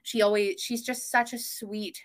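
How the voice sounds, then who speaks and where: A young woman guesting on a podcast, telling family stories in casual chat with lively gasps. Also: mid-range voice, unhurried. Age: young adult. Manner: animated storyteller, gasps and mimics family voices.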